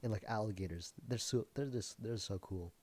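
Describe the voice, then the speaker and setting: Low-voiced young man chatting over a game. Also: normal speed, a little mellow. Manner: rambling, full of "like", jokey. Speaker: gameplay streamer. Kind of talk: casual gameplay commentary.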